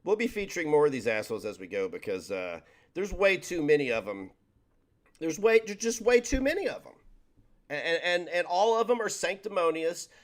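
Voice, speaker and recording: A man's voice: fairly high pitch, very animated, moderate pace. A man hosting a commentary channel, ranting in an exasperated, profane way about a clip he is reacting to. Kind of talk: reaction rant.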